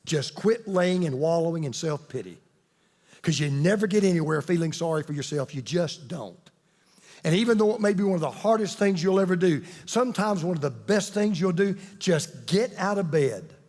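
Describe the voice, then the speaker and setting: A male pastor preaching with emphatic, drawn-out delivery and dramatic pauses. His voice sits notably high for a man. It rings out through a large hall with a long reverb tail. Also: animated, a little mellow. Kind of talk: sermon.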